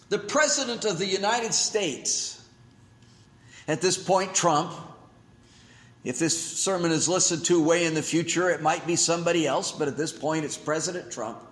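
A male pastor preaching a sermon in an animated way, his pitch swinging up and down as he acts out quotes. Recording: echoey room.

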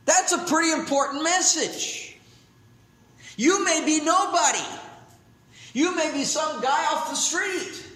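A male pastor delivering a sermon with a very high voice. He preaches with animated swings in pitch and loudness and acts out little scenes. The room is roomy and echoing. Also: slow, pauses often. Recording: echoey room.

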